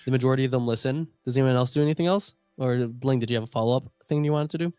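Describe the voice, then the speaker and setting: A man's voice: mid-range voice, very fast, warm tone, clean tone, no room sound, clean studio sound, soft background music. A man narrating a tabletop game as game master, describing scenes at length with frequent fillers.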